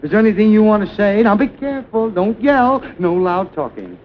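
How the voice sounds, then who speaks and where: An actor playing a fussy, excitable man who commands a comic firing squad, flustered and giggly, with wild swings in pitch, in a 1920s film comedy sketch on a muffled 1929 soundtrack. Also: a little fast, a little hiss or hum. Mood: fussing.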